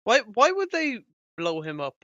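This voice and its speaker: Bright, dry-sounding man. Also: very high-pitched, wildly swooping pitch, unhurried, no room sound, highs cut off. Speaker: podcast co-host. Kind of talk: casual film commentary chat.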